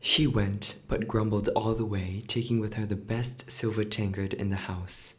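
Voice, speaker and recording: A man narrating an old fairy tale for his podcast, in a low voice. His reading is measured and steady. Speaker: podcast host and reader. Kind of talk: storybook reading.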